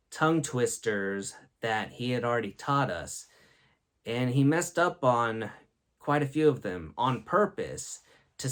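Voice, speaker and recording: Slow, giggly male storyteller. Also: medium pitch. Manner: giggly, laughs at his own stories. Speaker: host. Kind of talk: comedic storytelling.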